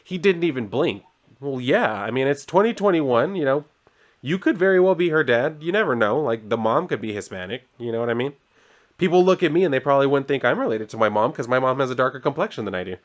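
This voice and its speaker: A man recaps a comic in a loose, chatty reviewer's voice. He leans on filler words like "like" and "so she's like" as he retells the story. The voice sits at a plain middle pitch. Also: animated, fast talker.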